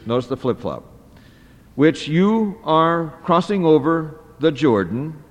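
Slow, deliberate male lecturer in a hall. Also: a little high, very animated. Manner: slow, deliberate, pausing often with "uh". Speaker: Hebrew Bible teacher. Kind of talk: lecture reading a text line by line.

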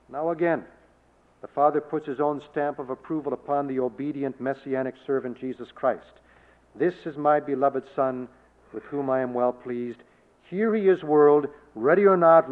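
A man preaches a measured sermon, his voice set a little high for a man. The sound is thin and tinny, like a phone line. He swells into emphatic declarations when he quotes scripture.

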